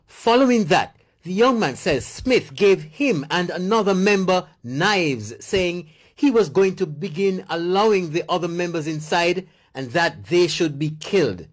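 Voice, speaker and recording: High-voiced male news reporter. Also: expressive. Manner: measured, formal reporting. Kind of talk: scripted news narration.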